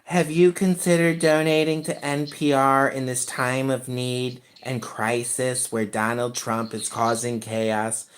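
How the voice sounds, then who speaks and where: A man voicing a pleading public radio fundraising announcer in a mock pitch. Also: level tone, measured pace, few pauses, close to an everyday voice. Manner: low, earnest pitch-drive voice.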